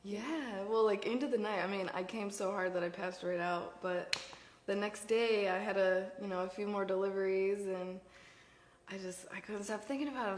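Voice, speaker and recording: A woman's voice: mid-range voice, roomy sound. A young woman guest telling a candid story, rambling with fillers and frequent giggles. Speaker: podcast guest. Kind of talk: candid storytelling, casual chat.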